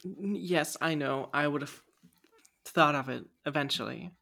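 A podcast co-host in casual chat, playful, teasing and quick to get excited. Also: medium pitch, gravelly.

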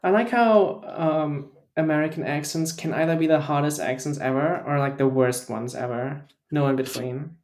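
A man co-hosting a casual podcast chat, teasing and deadpan, acting as if he believes none of it. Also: fairly high pitch, moderate pace, hardly any pauses. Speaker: podcast co-host.

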